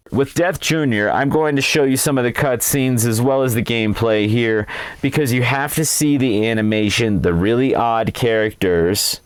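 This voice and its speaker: A man talking through a video game in a relaxed, chatty way. His voice is smooth and fairly low. The recording is dry and close, with no room sound. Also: dry recording. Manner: relaxed, conversational. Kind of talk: casual game commentary.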